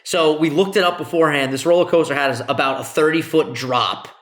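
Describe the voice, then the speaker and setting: Young male co-host, slightly high voice, eager and profane, in a roomy space. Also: fairly quick. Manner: excited storyteller, heavy swearing. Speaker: podcast co-host. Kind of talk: casual chat. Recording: echoey room.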